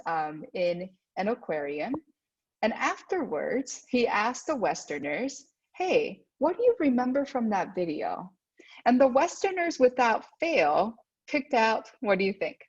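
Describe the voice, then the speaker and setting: Husky-voiced woman giving a school talk. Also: mid-range voice. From United States. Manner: frequent "right?" check-ins, acts out quoted voices. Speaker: guest speaker at a school. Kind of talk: presentation to parents. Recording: dull lo-fi sound.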